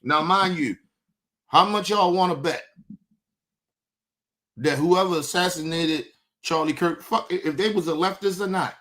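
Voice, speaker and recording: A man's voice: high voice, measured pace, pauses often, fairly bright tone. A man hosting a livestream, delivering a heated, profane rant full of restarts and repeated phrases. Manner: combative, profane, repeats himself. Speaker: livestream host.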